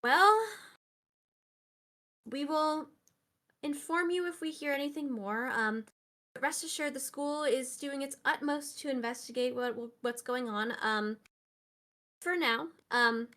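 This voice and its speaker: A woman voicing a worried, unseen person talking in hushed, hesitant tones in a hallway. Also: high voice, slow, pauses often, pitched above the performer's own voice, exaggerated voice. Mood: reassuring. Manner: hushed, hesitant, filler-heavy.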